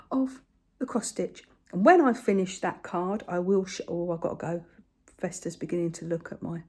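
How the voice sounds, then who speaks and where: An older woman with a slightly husky voice films herself with a phone as she moves around her home kitchen. She chats in a rambling, homely way, speaking to her viewers and now and then to her cat. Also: mid-range voice, dark tone. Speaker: craft vlogger. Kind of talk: casual chat to camera.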